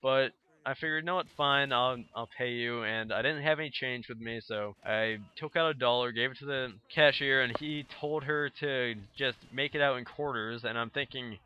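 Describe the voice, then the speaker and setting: A man's voice: medium pitch, normal speed, bright, forceful tone, lo-fi sound, a little hiss or hum. A young man casually telling a rambling story over gameplay footage, full of fillers and acted-out quotes. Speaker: gaming video host.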